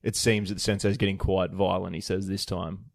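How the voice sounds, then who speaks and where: A man co-hosting a podcast in casual chat, relaxed and agreeable, with lots of fillers. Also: low voice, fairly quick, vocal fry, dry recording, clean studio sound. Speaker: podcast co-host.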